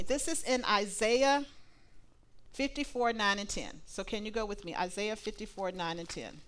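A woman preaching a sermon to a live congregation, animated and playful, acting out little dialogues. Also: mid-range voice, normal speed. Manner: animated, laughing asides, acts out dialogue.

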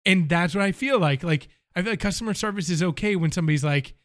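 Animated higher-pitched male storyteller. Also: quick pace. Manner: animated storyteller acting out phone calls. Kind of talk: casual chat.

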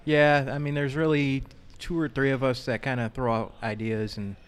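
This is a man from Chicago co-hosting a podcast in a loose, casual chat. He keeps things relaxed and jokey and lets his sentences drift into asides. His voice sits at an ordinary middle pitch for a man. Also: normal speed, clear, resonant tone. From Chicago, United States. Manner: laid-back, joking banter with trailing asides. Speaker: podcast co-host.

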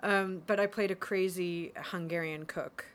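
An American woman talks casually as an interview guest, her voice a little low for a woman. She laughs often and fills her pauses with ums. Her tone stays easy and chatty. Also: steady tone. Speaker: actress, guest.

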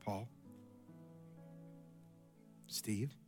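A middle-aged man preaching a sermon in a church, an animated storyteller who jumps his pitch up for quoted lines. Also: very slow, faint music behind. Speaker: pastor. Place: church sanctuary.

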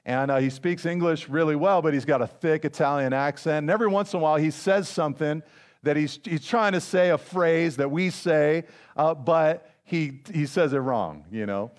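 A man preaching a sermon as a pastor, in a conversational way, mixing family stories with scripture and slowing down to stress key phrases. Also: a little high.

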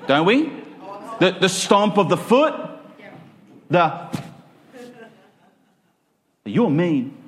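A man's voice: high voice, big pitch swings, slow, long pauses, a bit bright. An Australian man preaching a sermon in a conversational way, full of rhetorical questions and acted-out examples.

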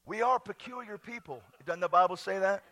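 Male pastor, middle-aged, high bright voice, exuberant preacher who goes from shouts to hushes. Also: a little fast. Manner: exuberant, swings from shouts to hushed tones, laughing. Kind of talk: sermon.

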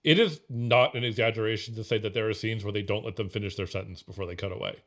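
A man's voice: on the low side, steady tone, quick pace, a bit bright. A man co-hosting a casual film podcast, rambling with many fillers and restarts. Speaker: podcast co-host.

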